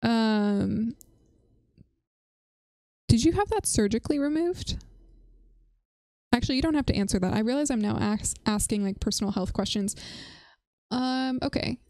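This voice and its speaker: A chatty woman streams from a dry, close-sounding setup, her fairly high voice running through casual talk with her viewers. She laughs often and answers chat messages as they come in. Her tone stays loose and unscripted. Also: moderate pace, long pauses, darkish tone, no room sound. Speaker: livestream host.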